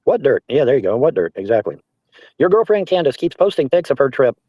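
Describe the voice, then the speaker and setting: A man's voice: mid-range voice, sing-song, a little fast, breathy edge, no echo. Profane, mocking man ranting on a stream. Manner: profane, mocking, reads chat aloud and answers it. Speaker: livestreamer answering trolls. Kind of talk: casual livestream rant. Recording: dull, dry lo-fi stream audio.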